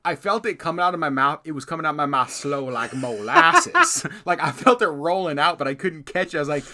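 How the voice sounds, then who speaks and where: A man co-hosting a podcast, telling animated, self-mocking stories in casual chat. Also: on the high side, fairly quick. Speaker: podcast co-host.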